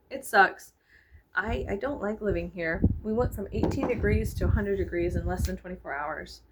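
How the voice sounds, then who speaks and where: A woman's voice: medium pitch, a bit bright, slight background noise, low-quality recording. Rambling, chatty woman vlogging from her bedroom. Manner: chatty, meandering, heavy use of "like", frequent laughs. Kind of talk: casual rambling vlog chat. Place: her bedroom, under a ceiling fan. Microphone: camera mic, no clip-on microphone.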